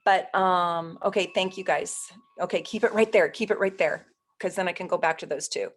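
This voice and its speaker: A woman's voice: on the low side, moderate pace. A woman astrologer hosting a casual live stream, chatting with viewers, easily flustered and laughing often.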